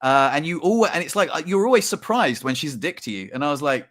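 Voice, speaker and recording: A man talks through a personal story in a casual podcast chat. He is reflective and sometimes acts out his own thoughts. His voice sits a little high. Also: sing-song, fast, a bit bright. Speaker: podcast co-host.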